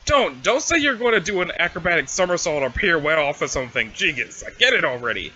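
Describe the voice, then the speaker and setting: A man doing a deadpan, sarcastic cool teen. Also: fairly high pitch, fairly quick, breathy edge, highs cut off, heavily acted. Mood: irritated. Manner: flat, sarcastic, cursing. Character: aloof, deadpan cool teenage boy. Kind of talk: reading a webcomic aloud with voices.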